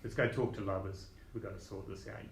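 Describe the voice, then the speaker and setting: A gruff, grizzled old orc who curses freely and calls everyone lads, as a man puts him on. His voice sits low, and the recording is roomy, with a faint hiss behind it. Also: steady tone, quick pace, lightly acted. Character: old grizzled male orc brawler, blunt. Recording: roomy echo.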